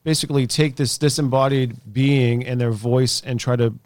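Podcast co-host guy, medium voice, dry close sound, explains stuff pretty calm. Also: medium pitch, normal speed, no echo. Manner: explains calmly, swears in surprise. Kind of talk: casual podcast chat.

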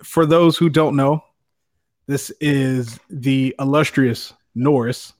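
A man hosting a casual sports talk show, animated, laughing often and restarting his sentences. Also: medium pitch, slow pace. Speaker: podcast host.

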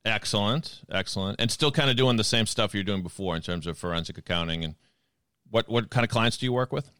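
A man's voice: on the low side, fairly quick, fairly bright tone, clean tone, no room sound. A man with a Boston accent hosting a podcast in a studio, chatting casually and joking with his guests. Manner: jokey, playful banter. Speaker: podcast host. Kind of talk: casual chat.

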